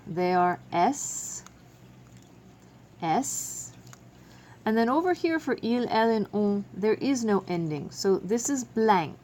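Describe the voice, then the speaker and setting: Slow, patient woman teaching French. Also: medium pitch, a little hiss or hum. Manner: slow, patient explaining to students. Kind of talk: classroom video lesson.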